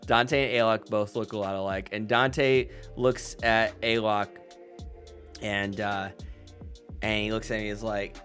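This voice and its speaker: A man's voice: on the low side, steady tone, a little slow, a bit bright, faint music behind. A man narrating as game master in casual play, rambling with many fillers.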